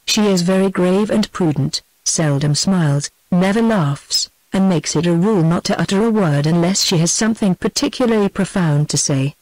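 A text-to-speech woman's voice with a British accent reading the lines of a sly, roguish young male trickster, delivered flat with no character voice. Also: lowish voice, moderate pace, hardly any pauses, dry recording, natural voice, low-quality recording. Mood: chatty. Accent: British English. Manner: flat synthetic delivery of dialogue. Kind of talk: text-to-speech audiobook narration.

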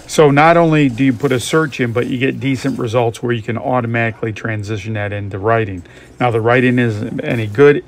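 Gravelly man musing over gameplay. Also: medium pitch. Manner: rambling, reflective, thinks aloud. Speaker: gaming YouTuber.

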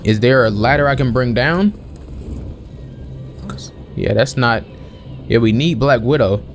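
A young man giving casual let's-play commentary as a gaming channel host, chatting and questioning the game out loud. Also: mid-range voice, measured pace, soft background music. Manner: chatty, questions the game aloud, calls everyone bro.

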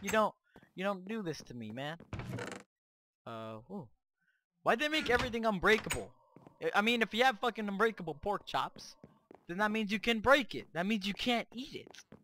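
Male gaming host, high and sharp-toned, cocky and excitable trash-talk over gameplay, cheap mic. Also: normal speed, pauses often, slight background noise. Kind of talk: Minecraft gameplay commentary. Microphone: cheap microphone.

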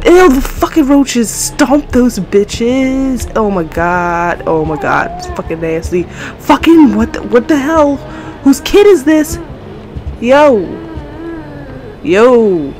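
In a rough recording with faint music behind her, a woman talks slowly in a slightly high, animated, darkish voice. She plays a horror game for her viewers as let's play commentary, panicking, cursing constantly and letting out frightened yelps. The mic is her own desk one, set back to prevent clipping.

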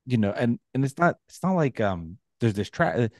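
A man co-hosting a sports podcast, speaking in halting bursts with repeated restarts and a wry edge. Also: mid-range voice, very animated, a little mellow, dry recording, clean studio sound. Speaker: podcast co-host, Nets fan. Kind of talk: casual sports chat.

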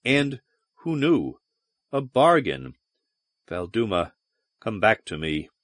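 A man reads an audiobook narration with dramatic expression. His voice moves widely in pitch. The close-miked studio sound is dry. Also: sing-song, takes it slowly, fairly bright tone, dry recording.

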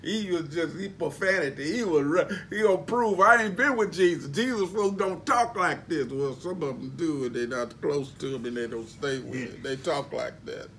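A man's voice: on the high side, moderate pace, few pauses, slight background noise. A man preaching a sermon, emphatic and folksy, spelling out words for emphasis. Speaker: pastor.

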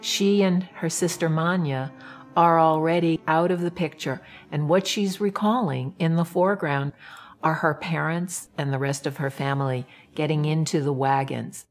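Woman interviewee, very low gravelly voice, quiet and reflective. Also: fairly even intonation, moderate pace, faint music behind. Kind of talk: documentary interview.

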